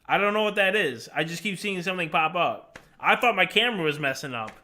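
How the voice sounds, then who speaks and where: A man's voice: high-pitched, animated, a little fast, sharp tone. A man chatting casually on a live stream, rambling and laughing often as he answers questions from chat while he plays.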